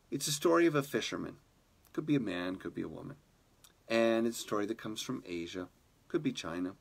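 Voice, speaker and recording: A man leading a spiritual community, telling a fable in a meditation talk, soft-spoken and unhurried. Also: fairly low pitch, creaky.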